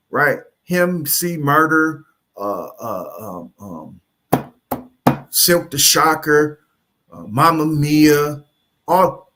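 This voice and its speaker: A man's voice: a little high, fairly bright tone. A man delivering a heated, profane monologue, confronting his listeners with repeated rhetorical questions. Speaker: commentary channel host.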